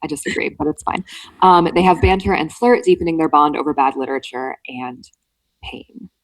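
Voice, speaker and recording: A woman's voice: sits low, fairly quick. A woman hosting a book club podcast, casually summarizing chapters with lots of "um" and "like". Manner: summarizes chapters with filler "um" and "like", chatty. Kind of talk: casual book recap chat.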